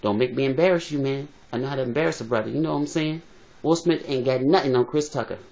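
A man voicing a brash, excitable comic who trash-talks rapidly in an impression. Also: mid-range voice, vocal fry, close to an everyday voice. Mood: bickering. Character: fast-talking, high-voiced comic man, brash and defensive. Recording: dull lo-fi phone recording.

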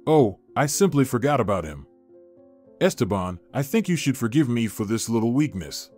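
A man voicing a young wife who calmly and sweetly mocks her cheating husband. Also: medium pitch, normal speed, soft background music. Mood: mocking. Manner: sweetly mocking, calm. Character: scheming wronged wife, young woman, mocking.

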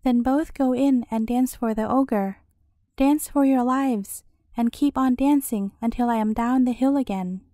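A woman's voice: a little high, a little slow, mellow, dry recording, studio quality, close to an everyday voice. A woman voicing a clever male rat in a storybook, bossy and squealing. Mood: scheming.

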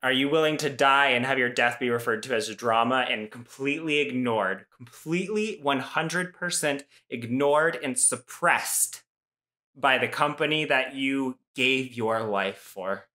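A man's voice: mid-range voice, unhurried, sharp tone. A man hosting a commentary video, reacting with sarcastic, incredulous remarks. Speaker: commentary host.

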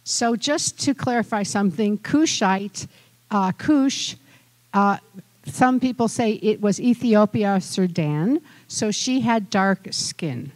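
A woman rabbi leads an informal Torah study in the middle of a service, her voice at an ordinary middle pitch. She talks conversationally and keeps coaxing the group to join in. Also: lively intonation, slow, a little mellow.

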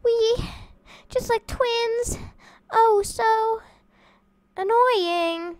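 Super high pitched woman gaming, playful, slow drawly talk, yelps a lot. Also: no echo. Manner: excitable and playful, yelps and shouts during play. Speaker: gamer playing with her siblings. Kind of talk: casual gameplay chat. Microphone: desk microphone.

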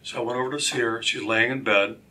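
A man sharing his personal testimony as a talk show guest, animated and acting out the voices of the people in his stories. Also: mid-range voice, quick pace. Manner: animated, acts out quoted voices. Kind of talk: storytelling testimony.

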